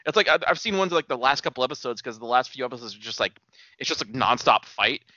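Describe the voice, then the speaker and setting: A man's voice: mid-range voice, animated, quick pace, bright, forceful tone, no room sound. A man co-hosting a podcast in casual, crude banter. He rambles eagerly and laughs easily. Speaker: podcast co-host. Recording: dull lo-fi dry sound.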